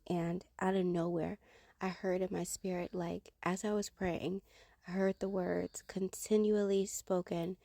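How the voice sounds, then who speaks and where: Woman for a faith testimony, low-pitched, mellow and gravelly, dry close sound, earnest storyteller. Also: little pitch movement, a little slow, dry recording. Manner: earnest, conversational, acts out her own past reactions. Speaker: Christian sharing a personal testimony.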